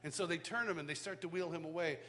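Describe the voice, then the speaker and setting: Animated man telling a sermon story. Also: fairly high pitch, quick pace. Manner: animated, self-mocking humor. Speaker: worship school teacher. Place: live church hall. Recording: live hall reverb, faint background noise.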